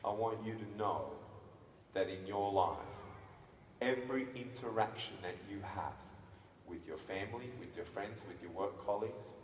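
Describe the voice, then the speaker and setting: A motivational speaker in his thirties with an Australian accent, who gives a lively stage speech, acts out scenes and calls on the audience to answer. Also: on the low side, moderate pace, slight background noise. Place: large conference hall. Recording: distant, echoey hall recording.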